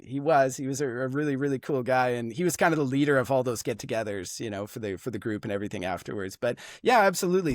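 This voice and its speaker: A man's voice: medium pitch, no echo, studio quality. Chatty Canadian man telling stories. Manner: animated, chatty, lots of fillers. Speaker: guest, former tour leader. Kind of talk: casual interview storytelling.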